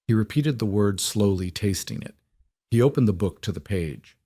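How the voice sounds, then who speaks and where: A man narrating a first-person romance story in a steady, measured reading. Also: lowish voice, slightly rough.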